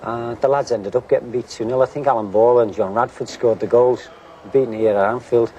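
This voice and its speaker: A man's voice: medium pitch, steady tone, brisk, dark tone, dull audio. A man who used to play football tells a candid, self-deprecating story about his early days in the team. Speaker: former footballer interviewee. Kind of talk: reminiscing interview. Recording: noticeable background hiss.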